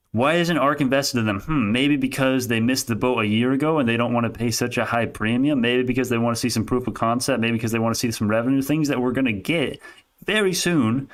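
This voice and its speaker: A young adult man giving casual, animated stock commentary on a live stream, arguing with chat and laughing often. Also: mid-range voice.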